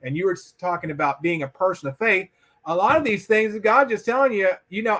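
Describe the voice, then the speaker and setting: A man's voice: high-pitched, a little fast, bright, forceful tone. A man speaking as a guest in an interview, emphatic and acting out quoted voices as he explains his points. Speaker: podcast guest. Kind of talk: conversational interview.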